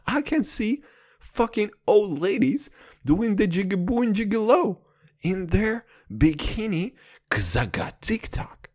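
A hoarse man in his twenties ranting casually, profane, rambling and mock-dramatic. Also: high-pitched, wildly swooping pitch, measured pace, a little mellow. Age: 20s. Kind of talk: casual comic rant.

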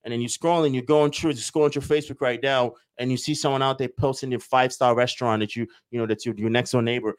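A man's voice: mid-range voice, steady tone, fast, few pauses, clean tone, no echo. Dry-voiced motivational podcast man. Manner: preachy, joking, acts out little dialogues. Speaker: podcast host.

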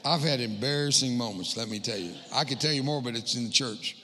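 A middle-aged man giving a humorous spoken testimony as a guest speaker in a church, landing quick self-mocking punchlines. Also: medium pitch, background noise. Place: church hall. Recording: long hall reverb.

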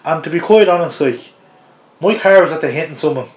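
An Irish man with a fairly high voice tells a story as a podcast guest. He chuckles as he goes and keeps it loose and casual. The recording has a roomy, echoey sound. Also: brisk. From Ireland. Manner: chuckles through an animated anecdote. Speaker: interview guest.

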